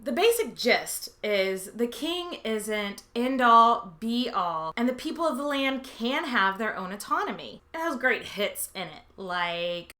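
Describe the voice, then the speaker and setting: A woman hosts a history podcast in a bright, lively voice that leaps up and down in pitch. She delivers a scripted comic monologue full of sarcasm and swearing. She often breaks into dramatic asides and silly quoted voices. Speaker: podcast host.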